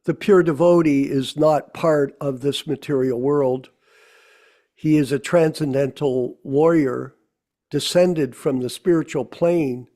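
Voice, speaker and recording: A man hosting a live online religious program, talking in a relaxed, conversational way with fillers. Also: fairly high pitch. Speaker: host.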